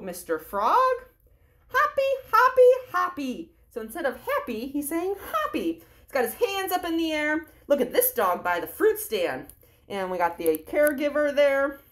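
A woman guides children along an outdoor park trail on a story walk. Her voice sits high and swings widely. She is playful, acts out sounds, and talks straight to the kids as she walks. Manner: acts out sounds and character lines. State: walking outdoors while talking.

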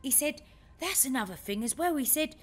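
A woman co-hosting a podcast, telling a story in a lively way and acting out other people's lines. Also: high voice, fairly quick. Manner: animated storyteller, acts out her dad's lines. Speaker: podcast co-host. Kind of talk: casual chat, storytelling.

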